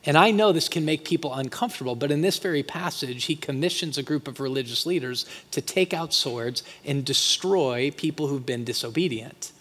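Male pastor, slightly high voice, conversational sermon with loud emphatic bursts, long hall reverb. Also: a little fast, hardly any pauses, husky. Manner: conversational preaching, swings from quiet asides to loud emphatic peaks.

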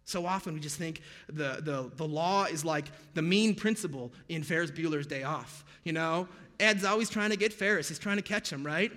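A man's voice: fairly high pitch, moderate pace, sharp tone, in a large hall. An American man preaching a sermon as pastor, conversational and sprinkled with jokey pop-culture asides. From United States.

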